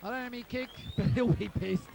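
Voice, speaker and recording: Hoarse aussie bloke yelling player names at the footy, voice way up high, outdoors. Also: male voice, a little fast, very noisy. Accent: Australian. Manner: excitable, shouting out players' nicknames. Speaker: club supporter narrating home video. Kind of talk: excited sideline commentary. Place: outdoors at a football ground.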